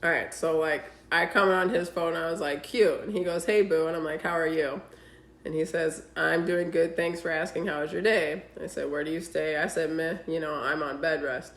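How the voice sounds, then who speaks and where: A woman's voice: sits low, normal speed. A woman co-hosting a casual podcast, telling dating stories and acting out the texts with lots of swearing. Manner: animated storytelling, acting out quoted texts, heavy swearing. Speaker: podcast co-host. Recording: roomy echo.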